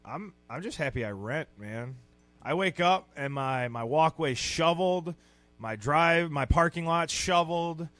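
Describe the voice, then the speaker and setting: A young man co-hosts a sports radio show. He tells a long story in a rambling way, full of restarts. His voice sits a little high, and the studio sound is dry. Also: animated, measured pace, a bit bright, no echo. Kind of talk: casual studio chat.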